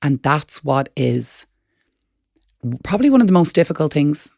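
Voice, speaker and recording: A woman's voice: low voice, big pitch swings, normal speed, vocal fry, darkish tone, no room sound, studio quality. A woman co-hosting a wellness podcast, talking in an earnest, encouraging way and repeating words as she thinks. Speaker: podcast co-host. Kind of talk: reflective wellness chat.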